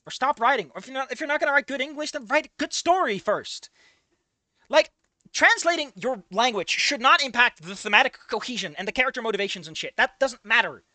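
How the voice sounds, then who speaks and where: A man's voice: very high voice, lively intonation, brisk, pushed and bright, no room sound. A man giving a profane, exasperated running commentary while reading a fanfic. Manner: profane, exasperated, swearing often. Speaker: fanfiction reviewer.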